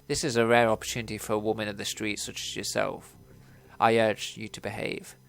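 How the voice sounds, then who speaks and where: A cold, commanding elf patriarch from a game, read by a man. He speaks formally and takes his time, in a low, gravelly voice. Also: flat delivery, fairly bright tone. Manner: formal, measured. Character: cold, powerful older elf father, commanding.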